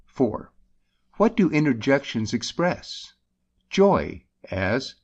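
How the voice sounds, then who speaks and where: A man reading a grammar book aloud in a measured, deliberate way, lifting his voice on the example exclamations. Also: medium pitch, big pitch swings, highs cut off. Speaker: audiobook reader.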